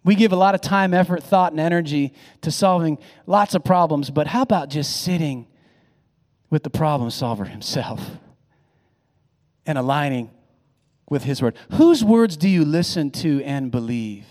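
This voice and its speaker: A high-voiced male pastor preaching to his congregation, with phrases that rise and swell as he presses each point. He often repeats and restarts words mid-sentence. His voice rings out with a long reverb in a big church hall. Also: animated, normal speed, darkish tone. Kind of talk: sermon.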